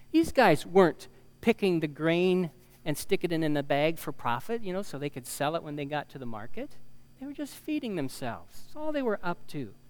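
With a smooth voice that sits high, a male preacher talks through his sermon in a conversational way. He reads scripture, adds fillers and side remarks, and swells in volume on the phrases that matter most.

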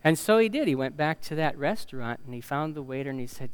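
A man preaching a sermon in a conversational way, with fillers and asides, reading scripture and swelling louder on key phrases. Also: a little high, animated, fast, hardly any pauses, clean tone.

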